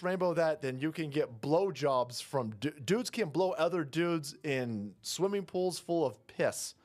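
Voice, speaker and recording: A man giving ranting, profane political commentary, mocking the people he talks about. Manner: mocking, profane, mimics others in high voices.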